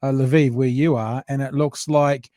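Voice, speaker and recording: A man's voice: mid-range voice, steady tone, measured pace, warm tone, no room sound. Chatty male host, dry close sound. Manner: chatty, curious questioning. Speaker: radio host. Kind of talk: casual interview.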